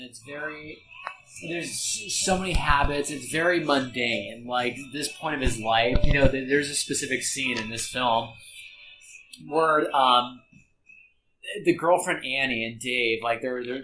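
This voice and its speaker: A man's voice: medium pitch, bright, forceful tone, a little hiss or hum, rough recording. Rambling, earnest man chatting casually. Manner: rambling, earnest, frequent restarts. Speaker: podcast guest. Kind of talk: casual reaction chat.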